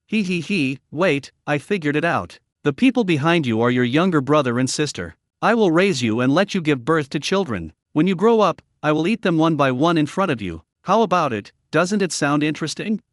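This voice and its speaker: A man's voice: a little high, lively intonation, brisk, few pauses, no room sound, clean studio sound, close to an everyday voice. A man voicing a gloating, cruel male vampire who taunts and giggles at his prey.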